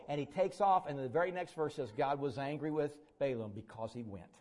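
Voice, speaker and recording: A man's voice: on the high side, brisk, few pauses. Folksy preacher man. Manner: folksy, voices quoted figures, bursts into shouting. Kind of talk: sermon.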